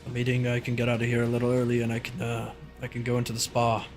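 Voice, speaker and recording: A man's voice: medium pitch, monotone, fast talker, faint music behind, close to an everyday voice. A man voicing a weary old male estate owner who grumbles and confides. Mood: confiding.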